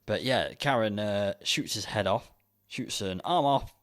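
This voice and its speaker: A man's voice: lowish voice, measured pace, fairly bright tone. Jokey man recapping a film. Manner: jokey, laughs often, acts out lines in silly voices. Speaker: podcast co-host. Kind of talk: casual chat recapping a film.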